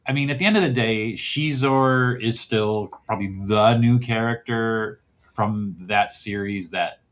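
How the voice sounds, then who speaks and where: A man with a somewhat low, fairly bright voice and an unhurried delivery chats as a guest on a podcast. He rambles, laughs a lot, and teases himself along the way.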